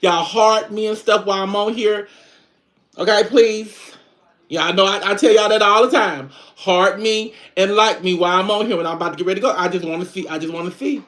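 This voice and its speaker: A man's voice: sits high, fairly even intonation, a little fast, fairly bright tone. A man chatting casually and laughing on his own livestream, talking straight to viewers. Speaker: livestream host.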